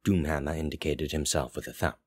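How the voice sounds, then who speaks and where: A man narrating a fantasy story aloud in a slow, measured way. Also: extremely low pitch, fairly even intonation, husky, no room sound. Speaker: story reader. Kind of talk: audiobook narration.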